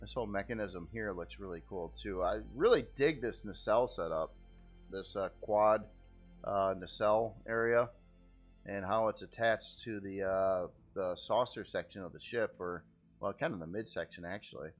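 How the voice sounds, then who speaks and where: A man's voice: fairly low pitch, normal speed, soft background music. A man giving casual, rambling gameplay commentary as host, easygoing and often repeating how cool things look. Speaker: game video host.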